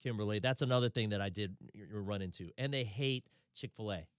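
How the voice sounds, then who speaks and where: His voice is fairly low and smooth, and he talks fast, recorded in studio quality with no echo. He's a radio host from Tennessee, US, with a Southern accent, chatting casually and loosely in a radio studio and laughing readily between stories.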